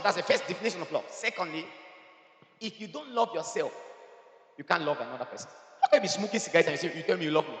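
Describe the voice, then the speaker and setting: A male pastor preaching a sermon, shifting from soft teasing asides to emphatic shouting. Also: on the high side, lively intonation, fast. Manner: teasing the congregation. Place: church hall. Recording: echoey hall reverb.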